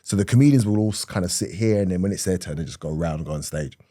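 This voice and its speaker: A middle-aged man, a comedian telling an animated story in conversation, swinging from hushed to loud and laughing often. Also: low voice, rapid-fire, no room sound, studio quality. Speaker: comedian guest.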